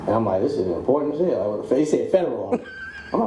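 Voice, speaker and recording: Animated man telling a story in a roomy space. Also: medium pitch, fast talker. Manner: animated, acts out quoted voices, laughs mid-story. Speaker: guest telling a personal story. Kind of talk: casual storytelling. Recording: roomy echo with faint background noise.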